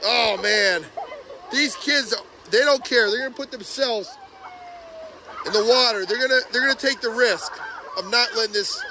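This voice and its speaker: A man vlogging outdoors by a pond, chatty and excited as he narrates while walking with a handheld phone. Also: very high-pitched, gravelly, noisy background. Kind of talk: casual outdoor vlog commentary. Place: outdoors by a pond and beaver dam. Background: rushing water.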